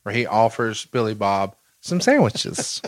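A man hosting a wrestling podcast, telling deadpan jokes and reading the sponsor spots. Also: on the low side, measured pace, no room sound. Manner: dry, joking, reads sponsor ads. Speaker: podcast host. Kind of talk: casual podcast chat.

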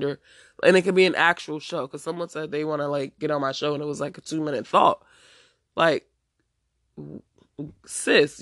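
A woman's voice: sits low, no room sound. Woman, podcast host, stuffy nose, blunt slangy rant, dry room. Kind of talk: casual solo podcast rant.

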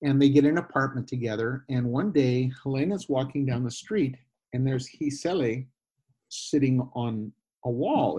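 A man, a former missionary, telling a personal story in a guest interview, animated and full of restarts and quoted voices. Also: mid-range voice, unhurried, husky. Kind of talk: conversational storytelling.

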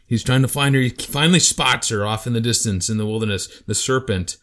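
A man co-hosting a casual Bible study talk, retelling passages as an animated storyteller who acts out voices. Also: medium pitch, a little fast. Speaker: podcast co-host teaching Bible passages.

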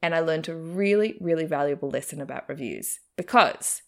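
A woman's voice: low-pitched, brisk. Chatty woman with a faint Kiwi accent. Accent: faint New Zealand. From New Zealand. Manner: chatty, laughs often, animated. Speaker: actor and comedian interviewee. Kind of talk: casual interview chat.

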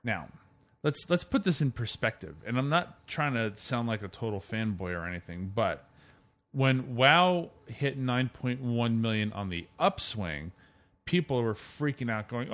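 A man's voice: mid-range voice, very animated, normal speed, a bit bright. A man hosting a casual gaming podcast, chatty and opinionated, steering the conversation through the news. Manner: chatty, opinionated, leads the topics. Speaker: podcast host.

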